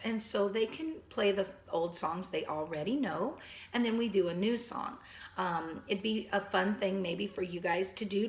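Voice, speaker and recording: A woman gives a piano lesson at home for children and their parents, explaining each step patiently. Her voice is slightly hoarse and she often clears her throat. She sits at mid pitch, and the room echoes around her. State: losing her voice. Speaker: piano teacher. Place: at a piano, indoors.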